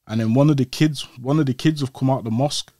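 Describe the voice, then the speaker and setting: A man's voice: mid-range voice, quick pace, dark tone, no room sound, studio quality. A man, an interview guest, retelling events in casual street slang. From Old Trafford, Manchester, England. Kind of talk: casual storytelling.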